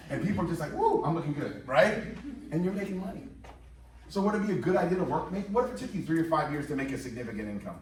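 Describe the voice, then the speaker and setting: His voice is a little high and expressive, and he talks a bit fast. The Indiana man is joking his way through a sales presentation for a live audience, frequently quizzing the room, heard from afar in an echoing office meeting room.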